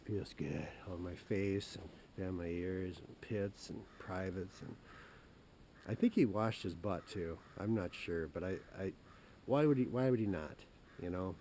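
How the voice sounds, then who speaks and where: A man from Wisconsin, host of a hunting show, telling a casual story outdoors in the woods in a rambling, halting way with many restarts. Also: low voice, dark tone, slight background noise.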